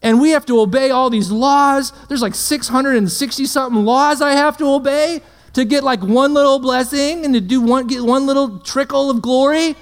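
A man's voice: very high voice, normal speed, few pauses, clean tone, voice pushed up. A preacher voicing an incredulous ancient male believer who keeps asking if you're kidding. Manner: disbelieving, repeated outbursts. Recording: long hall reverb.

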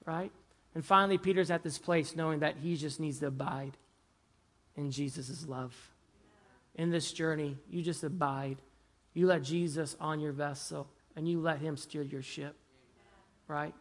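A man preaching a sermon in a conversational way, often asking "right?" and "amen?", moving between loud emphasis and hushed, soft lines. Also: fairly high pitch, fairly even intonation, moderate pace, long pauses. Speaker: pastor.

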